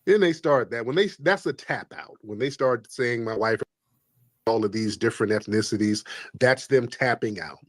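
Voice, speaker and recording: Husky guy ranting at callers on his stream, dry close sound. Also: mid-range voice, normal speed, dry recording. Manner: preachy, emphatic, repeats points. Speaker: livestream host. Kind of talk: combative call-in livestream talk.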